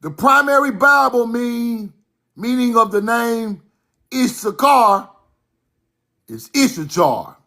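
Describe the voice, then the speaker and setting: Slow, emphatic man lecturing over slides. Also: very high voice, gravelly, pushed and bright. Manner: emphatic, repeats points, directs slides.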